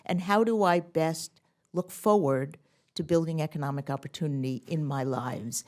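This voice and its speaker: A woman's voice: low voice, normal speed, darkish tone. A woman hosting a policy briefing, giving earnest, upbeat welcome remarks and introducing the keynote speaker to a seated audience.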